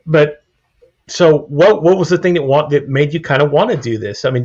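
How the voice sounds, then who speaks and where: A man hosting a casual podcast interview, rambling and halting as he asks questions. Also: mid-range voice. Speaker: podcast host. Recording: dull lo-fi stream audio.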